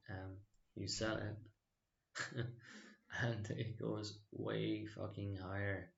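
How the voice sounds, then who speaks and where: A man's voice: on the low side, creaky, echoey room, highs cut off, a little hiss or hum. A man casually talking through his stock trades, rambling and hesitant with many fillers and restarts. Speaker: stock trading channel host. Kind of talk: casual screen-share trading recap.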